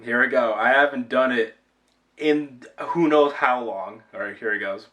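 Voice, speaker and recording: A man's voice: mid-range voice, unhurried, bright, forceful tone, far from the mic. A young man from Rhode Island chatting casually on his own channel, rambling and self-deprecating. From Rhode Island, USA. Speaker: YouTube channel owner. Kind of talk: casual vlog chat.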